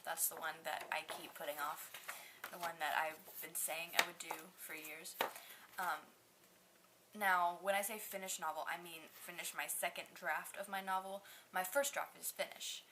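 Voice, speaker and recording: A woman's voice: fairly low pitch, fairly even intonation, unhurried, noisy background. A nineteen-year-old woman in casual vlog talk, chatty and rambling, poking fun at herself. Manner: chatty and rambling, self-mocking. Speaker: vlogger.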